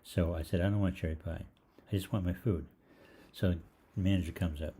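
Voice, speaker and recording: A man, middle-aged, telling a rambling funny story in casual talk, halting with fillers and restarts and acting out the other voices. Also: low-pitched, warm tone, husky. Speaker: online health show host.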